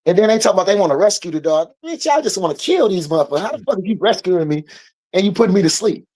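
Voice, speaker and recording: A man from the United States in casual street talk, blunt and profane, telling animated stories. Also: high-pitched, rapid-fire.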